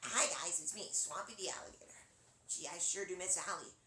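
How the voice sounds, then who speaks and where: A man voicing a shy, laid-back male cartoon alligator who speaks softly. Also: sits high, fairly quick, reverberant, slight background noise. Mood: wistful.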